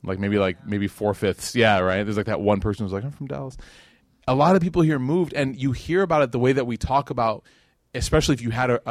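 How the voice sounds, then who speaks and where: A man's voice: medium pitch, fast, dry recording, clean studio sound. A man from Chicago, in his thirties, giving a casual, conversational religious lecture to a live audience, full of fillers and questions to the crowd. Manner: chatty, uses many fillers like "like" and "you know", asks the audience questions. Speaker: Islamic lecturer.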